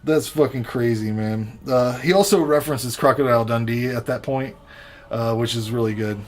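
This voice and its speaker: A man co-hosting a podcast, chatting casually about horror films with a profane, joking, animated delivery. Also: medium pitch, normal speed. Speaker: podcast co-host. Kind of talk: casual movie review chat.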